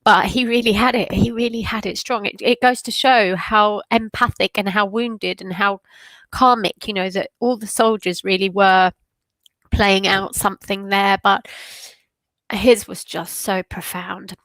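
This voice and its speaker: Woman, tarot reader, rambling spiritual chat, runny nose, mid-pitched voice, dry room. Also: fairly even intonation, measured pace, fairly bright tone, no echo. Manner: emotional, rambling, with fillers. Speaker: tarot reader hosting a weekly meditation. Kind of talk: casual spiritual talk.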